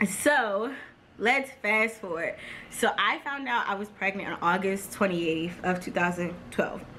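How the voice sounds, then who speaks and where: A young woman in her twenties talking casually in a storytime vlog, chatty, full of "like" and quick laughs. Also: mid-range voice, a bit bright, slight background noise. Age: 20s. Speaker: vlogger.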